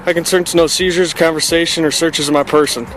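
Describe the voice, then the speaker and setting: A man calmly and firmly refusing consent to a police officer on the street. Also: a little high, fast, music in the background, rough recording. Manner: firm, calm, rehearsed refusals. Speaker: citizen stopped by police. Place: outdoors on a street.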